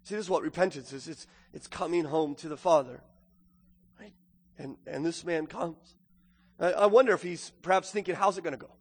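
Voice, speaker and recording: A man delivers a sermon in a notably high voice. He moves from quiet, reflective passages to loud, emphatic preaching. The sound rings with the long reverb of a church sanctuary. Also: brisk, slightly rough. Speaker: pastor.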